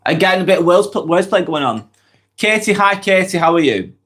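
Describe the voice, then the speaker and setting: A man from northwest England with a Lancashire accent, hosting a live-stream vlog while nursing a cold. His pitch rises and dips a lot as he reads out viewer comments and answers them in a chatty, direct way. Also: lively intonation, normal speed, fairly bright tone. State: has a cold.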